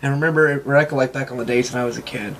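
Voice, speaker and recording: A man, chatting excitedly in an interview about his collection, rambling and laughing often. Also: mid-range voice, rapid-fire. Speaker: interview guest, toy collector. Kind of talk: casual interview chat.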